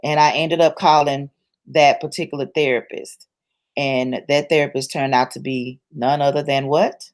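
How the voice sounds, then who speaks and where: A woman's voice: very deep voice, steady tone, normal speed. A woman guest in an interview, telling a personal story in a colloquial, church-rooted way, emphatic and repetitive as she builds her points. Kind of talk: personal testimony in conversation.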